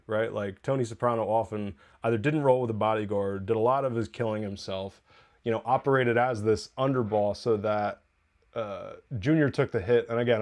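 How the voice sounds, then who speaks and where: Lowish and darkish in tone, this man's voice carries a rambling, casual recap of a TV episode for his review podcast, where he often laughs and corrects himself.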